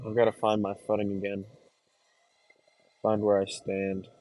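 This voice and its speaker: A young man hosting a podcast, talking to himself in a distressed, halting, brooding confessional monologue. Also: fairly low pitch, completely flat delivery, dark tone. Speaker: podcast host.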